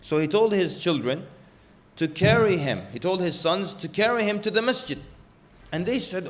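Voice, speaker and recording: A male lecturer with a slightly higher voice delivers an earnest religious talk. He moves through stories and rhetorical questions aimed at the audience in front of him. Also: animated, moderate pace.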